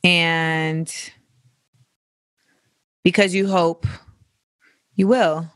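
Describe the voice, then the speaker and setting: A podcast host giving casual advice in an animated way, with profanity and joking asides. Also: mid-range voice, drawn-out words, no room sound. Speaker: podcast host answering listener questions.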